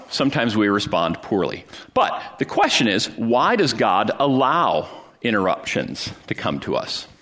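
A man's voice: medium pitch, fairly bright tone. A man preaching a sermon, retelling a Bible story in a conversational way with frequent fillers and restarts. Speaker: pastor.

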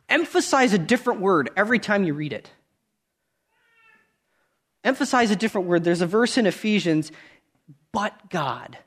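This high-sitting male voice belongs to a preacher in his thirties. His sermon is earnest and chatty, swelling loudly on the main points and sinking into soft asides.

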